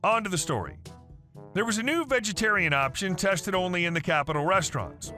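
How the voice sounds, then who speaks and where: High bright guy reading a reddit-style story, bouncy delivery, soft music behind. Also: animated, fairly quick. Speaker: story narrator. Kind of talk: scripted story narration. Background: faint background music.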